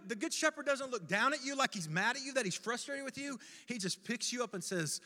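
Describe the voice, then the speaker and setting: A middle-aged man preaches with a fairly high, very bright and forceful voice. He tells the story dramatically, pleading loudly and then dropping to a hush. His voice carries with a long reverb, like a large hall. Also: animated. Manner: dramatic, impassioned storytelling, swinging between loud pleas and hushed pauses. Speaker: pastor. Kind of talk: sermon.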